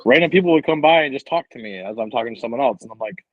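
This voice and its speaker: A man's voice: mid-range voice, lively intonation, racing, no room sound, dull audio. A man co-hosting a podcast, talking loosely and profanely about positivity and good people. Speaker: podcast co-host. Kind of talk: casual podcast chat.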